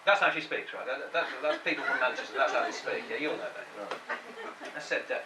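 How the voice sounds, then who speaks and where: This stand-up comic chats with a laughing club audience, tossing out quips and impersonating the characters he quotes. He has a mid-range, animated voice and talks a bit fast. Captured from a distance in a roomy live space, the audio carries heavy background noise.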